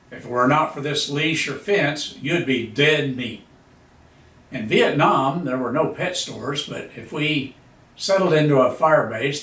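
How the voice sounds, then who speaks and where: A man's voice: medium pitch, a bit bright. Older man reading his memoir, echoey. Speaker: veteran memoir author. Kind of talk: reading a personal memoir aloud. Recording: echoey room, voice a bit far from mic.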